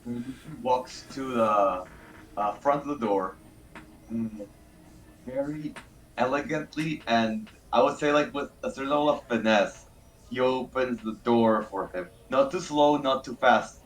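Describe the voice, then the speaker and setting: A man's voice: mid-range voice, a little slow, low-quality recording. A man playing a tabletop role-playing game, describing his character's actions hesitantly with fillers. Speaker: player.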